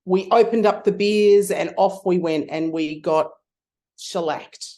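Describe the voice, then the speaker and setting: A middle-aged Australian woman spins animated anecdotes in a relaxed interview chat, stumbling and restarting as she goes. Her voice sits low and mellow, with a warm, dark tone. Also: a little slow. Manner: lively, animated anecdote telling with frequent restarts. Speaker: guest, photography consultant. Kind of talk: casual storytelling interview.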